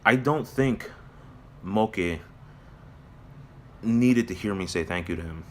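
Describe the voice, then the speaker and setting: A man giving a somber personal vlog update from his workplace, talking in a halting, reflective way with many pauses and restarts. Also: lowish voice, lively intonation, slight background noise. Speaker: vlogger. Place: at his workplace near closing time.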